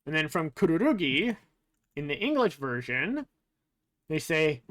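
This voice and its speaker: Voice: medium pitch, very animated, measured pace, long pauses, a bit bright. A streamer giving casual game commentary, musing aloud with frequent fillers and the odd curse. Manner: casually profane.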